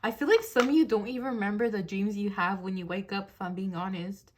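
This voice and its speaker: A woman's voice: mid-range voice, quick pace. A woman in her twenties doing a casual tarot reading, giggly and rambling with lots of fillers, recorded on a phone at her desk. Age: 20s. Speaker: tarot reader. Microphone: phone on a desk mount.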